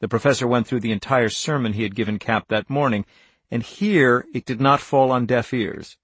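Gravelly-voiced man narrating an audiobook. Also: mid-range voice, moderate pace, dry recording.

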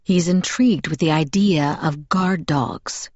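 A woman's voice: deep voice, measured pace, darkish tone, dry recording, lo-fi sound. A woman voicing a protective young male vampire who speaks in a harsh, clipped, guarded tone. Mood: tense.

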